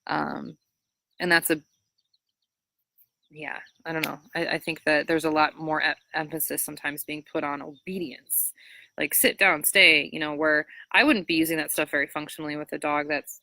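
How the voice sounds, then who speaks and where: A woman dog trainer from Minnesota giving casual, chatty training advice, full of fillers, jumping up high when she imitates praising a dog. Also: moderate pace, vocal fry, no echo. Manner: chatty, frequent fillers, animated high-pitched voice when quoting praise to dogs.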